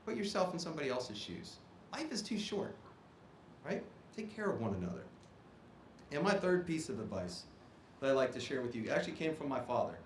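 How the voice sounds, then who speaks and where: A man's voice: a little high, sing-song, brisk, a little hiss or hum. Emphatic man speaking in an echoey auditorium. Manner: emphatic, punctuates points with "okay?". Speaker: guest speaker, Army officer. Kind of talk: ceremony speech. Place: performing arts auditorium.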